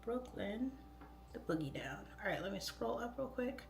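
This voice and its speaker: A woman's voice: medium pitch, big pitch swings, moderate pace, vocal fry, roomy sound, a little hiss or hum. A woman in her thirties chatting casually on a livestream, reading comments aloud, goofy and easily distracted. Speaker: livestream host and real estate agent. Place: home.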